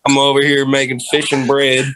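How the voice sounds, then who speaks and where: A man's voice: medium pitch, monotone, brisk, a crowd in the background, lightly acted, rough recording. A man voicing a rambling, complaining Jesus with a southern American accent, peppering every phrase with "man". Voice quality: drawling, rambling with "man" fillers. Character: whiny drawling southern Jesus on the cross, adult man. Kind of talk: comedic improv.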